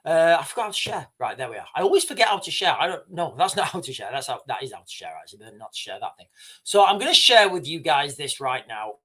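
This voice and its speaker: A man streams live and comments with raw passion. His voice sits high for a man. He stumbles, restarts and swears bluntly as he talks. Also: sing-song, sharp tone, breathy edge. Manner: impassioned, halting, with restarts and swearing. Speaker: livestream host.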